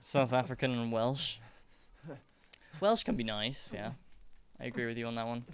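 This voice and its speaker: A man's voice: medium pitch, normal speed, slight background noise. A man streaming a game live, chatting casually with his viewers and musing aloud as he answers their comments. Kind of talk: casual chat with live viewers during gameplay.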